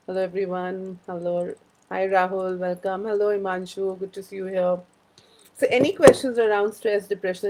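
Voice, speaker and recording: A woman hosts a casual live-stream chat. She rambles through personal stories and greets viewers by name. Her voice sits low and has a gravelly, fry-edged texture. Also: a little mellow, rough recording. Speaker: host of a live wellbeing chat.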